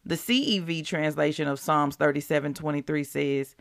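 A woman's voice: low voice, normal speed, hardly any pauses, no echo, clean studio sound. A woman hosting a devotional podcast, chatting casually and asking the listeners rhetorical questions.

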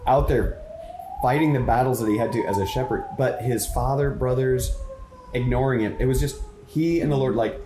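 A man's voice: mid-range voice, moderate pace, echoey room, noisy background. A man hosting a casual faith talk, reading scripture aloud and then musing in an earnest, rambling way. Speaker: host.

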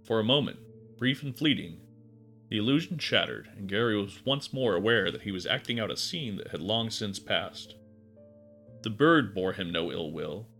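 A man reads a dark story aloud in a measured, expressive way. His voice is bright and fairly low, and his intonation moves a lot. Faint instrumental music plays beneath him. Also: vocal fry. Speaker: narrator. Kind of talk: dramatic audiobook narration.

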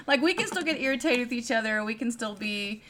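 A woman speaking earnestly in a casual group chat, pausing often with fillers. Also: a little high, expressive, fairly bright tone, a little hiss or hum.

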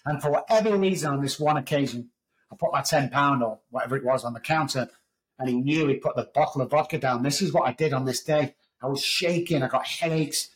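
A man's voice: medium pitch, a little fast, rough recording. A middle-aged man with an English accent, a podcast guest telling his story in a candid, raw way, swearing freely. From England. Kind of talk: storytelling interview.

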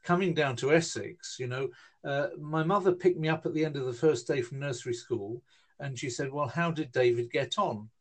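A man's voice: a little high, a little fast. Rambling, hesitant man in his fifties. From Newcastle, northern England. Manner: rambling, hesitant, with many fillers and restarts. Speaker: interviewee. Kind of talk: casual storytelling conversation.

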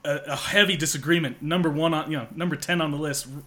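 A man's voice: fairly high pitch, steady tone, fast, fairly bright tone. A man hosting a casual film podcast, easygoing and agreeable as he chats with his guest. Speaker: podcast host.

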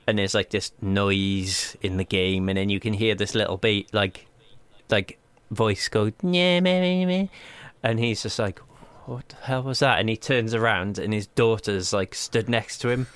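Lower-voiced man telling stories. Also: smooth, dry recording. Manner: animated storyteller, quick asides. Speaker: podcast co-host. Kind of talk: casual chat.

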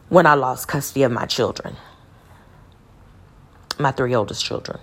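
A woman's voice: rumbling low, lively intonation, normal speed, long pauses. A woman from Texas telling a personal faith testimony in an earnest storytelling way, retracing details aloud as she goes. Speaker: speaker sharing a testimony.

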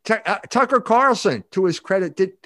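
Emphatic older man, fairly high voice. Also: lively intonation, fairly quick, a bit bright, no room sound. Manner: emphatic, rambling with restarts. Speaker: guest author. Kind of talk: podcast interview.

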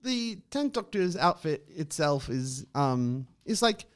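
A man with a somewhat high voice chatting on a casual podcast. He gives playful opinions, pausing on ums as he works them out. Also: very animated. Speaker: podcast co-host. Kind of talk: casual chat.

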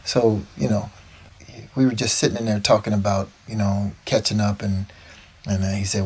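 A man's voice: lowish voice, level tone, normal speed, a little mellow, husky. A man, the guest, telling casual, rambling stories and often tossing in "man" and "like.". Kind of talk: casual storytelling.

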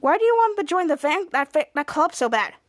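Woman playing an awkward teen boy, kinda hesitant, still pretty high. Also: very animated, brisk, no room sound. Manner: hesitant and mumbling. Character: teenage boy, awkward older brother.

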